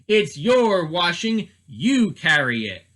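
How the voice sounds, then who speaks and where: A man voicing a mean, stingy grown man in a children's storybook, with loud curt replies. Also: high voice, big pitch swings, takes it slowly, full character voice. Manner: curt refusals, then panicky.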